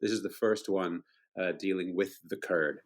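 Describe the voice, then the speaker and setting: A British man chatting as a podcast guest, in a warm, self-deprecating way with frequent hesitations. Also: sits low, fairly even intonation, moderate pace. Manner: chatty, self-deprecating, lots of fillers and restarts. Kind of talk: casual interview chat.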